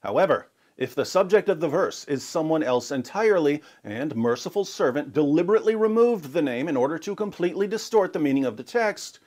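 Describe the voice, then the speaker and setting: A man narrating a scripted argument in a measured, explanatory way with a light sarcastic edge. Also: fairly high pitch, animated, darkish tone. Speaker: narrator of a clip.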